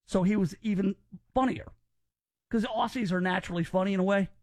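A man's voice: high-pitched, brisk, a little mellow, no echo, studio quality. A man hosting a podcast, giving opinions in casual chat and often repeating words as he restarts. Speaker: podcast host.

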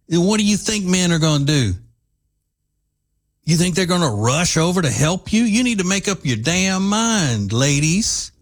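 A man's voice: high-pitched, sing-song, moderate pace. A middle-aged man hosting an opinionated talk show, sarcastic and emphatic. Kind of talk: opinionated radio commentary.

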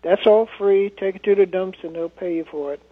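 A man calling in to a radio swap show, listing items in a halting way with many fillers. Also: high-pitched, slightly rough. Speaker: caller. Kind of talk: phone-in chat. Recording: tinny phone line.

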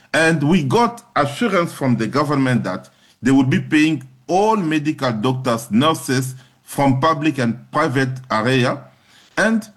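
Man, earnest and emphatic, interview answers, mid-pitched voice. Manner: earnest, emphatic, repeating phrases in lists. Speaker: public health agency head.

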